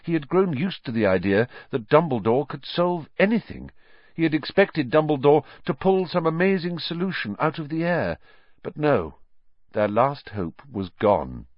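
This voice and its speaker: A man reading a story aloud as an audiobook narrator in a measured, expressive way. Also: on the high side, no room sound, dull audio. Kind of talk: scripted narration.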